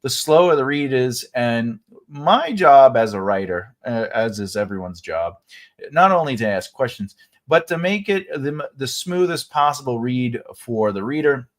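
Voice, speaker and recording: Man, casual writing lesson, animated pitch, loose chatty delivery. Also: a little slow. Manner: loose and chatty, many fillers and restarts. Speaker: writing teacher and livestream host.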